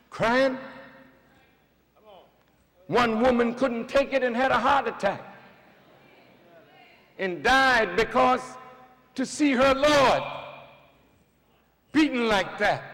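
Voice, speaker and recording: A man, a minister, delivering a fiery sermon to a large crowd. He swings from shouting down to hushed storytelling. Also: extremely high pitch. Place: large indoor arena. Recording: long reverb of a large arena.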